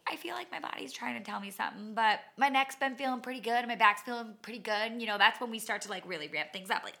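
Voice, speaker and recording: A woman hosting a podcast, telling a story in a chatty, animated way with dramatic asides and self-mocking humor. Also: mid-range voice, fast talker, creaky. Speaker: podcast host and cycling instructor. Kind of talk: casual monologue storytelling.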